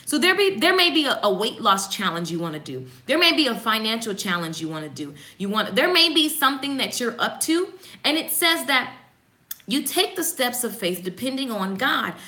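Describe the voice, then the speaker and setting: A woman hosting a casual morning devotional. She reads passages aloud and comments on them in an animated, preachy way, speaking straight to her viewers. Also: on the high side, moderate pace. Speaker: host giving a morning devotional.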